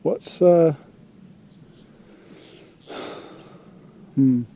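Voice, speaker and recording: A man, rambling in halting bits as he talks to a hurt animal on the road. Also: a little high, gravelly, mellow, no room sound. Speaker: passerby filming a hurt raccoon. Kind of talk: casual filmed talk.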